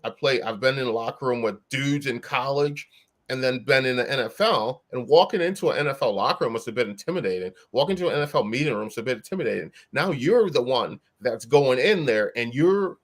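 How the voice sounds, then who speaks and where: A man's voice: medium pitch, animated, brisk. Host: man in a mid-range voice, casual, loose question-asker who keeps restarting. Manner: rambling, self-interrupting questions. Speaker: podcast host. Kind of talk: casual interview.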